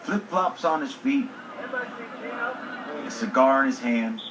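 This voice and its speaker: A male reporter reading scripted narration in a measured, even voice-over. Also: mid-range voice, a crowd in the background. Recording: noisy, distant broadcast audio.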